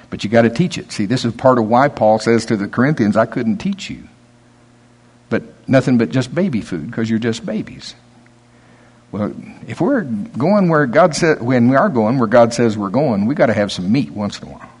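An older pastor preaches a sermon in a folksy storytelling style, dropping into low asides and rising to loud, emphatic preaching. His voice has a breathy edge.

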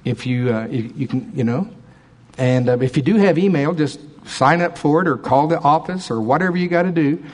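Husky guy preaching in church, kinda high voice, loud bits then quiet asides. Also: a little fast. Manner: animated preaching with sharp swings between loud emphasis and quiet asides. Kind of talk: sermon.

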